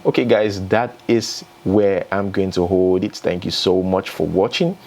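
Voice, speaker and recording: A Nigerian man with a very low voice talks through celebrity stories in a loose, opinionated vlog style. He laughs between remarks and cannot pronounce his R sounds. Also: steady tone, measured pace, a little mellow. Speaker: entertainment news host. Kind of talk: casual news commentary vlog.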